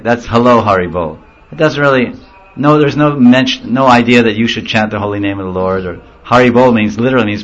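A man's voice: medium pitch, a little fast. Brief: man giving a casual devotional talk, muffled lo-fi recording, playful storyteller who mimics voices. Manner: storytelling, laughing, acting out voices. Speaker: spiritual teacher. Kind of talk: informal religious talk.

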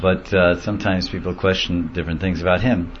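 A man's voice: deep voice, steady tone, fairly quick, a little hiss or hum. Brief: man giving a casual devotional talk, muffled lo-fi recording, playful storyteller who mimics voices. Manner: storytelling, laughing, acting out voices. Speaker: spiritual teacher. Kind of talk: informal religious talk.

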